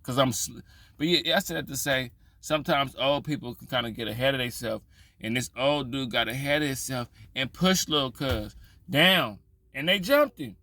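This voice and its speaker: A man's voice: mid-range voice, moderate pace, pushed and bright. A man vlogging in casual storytelling style, loose and profane, rambling with frequent restarts.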